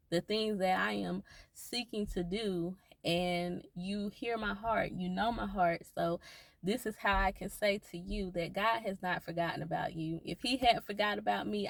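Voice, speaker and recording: A woman's voice: medium pitch, vocal fry, no room sound. A woman talking earnestly to her viewers about faith, repeating reassuring phrases again and again. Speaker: faith vlogger. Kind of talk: encouraging faith talk to viewers.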